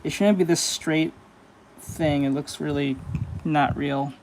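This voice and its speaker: A man's voice: a little high, fairly even intonation, slow pace. A man streaming while he draws, thinking aloud in a rambling, casual way with many restarts. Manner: gets emphatic when arguing a point. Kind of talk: casual commentary while drawing. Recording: noisy stream audio.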